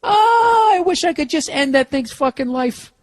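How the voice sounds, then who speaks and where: A crying, yelping pet dog , as a man puts it on, pitched up high and sounding whiny and strained. It is squeaky and frantic as it pines for a squirrel. It is a comic voice dropped into a podcast rant. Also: expressive, normal speed.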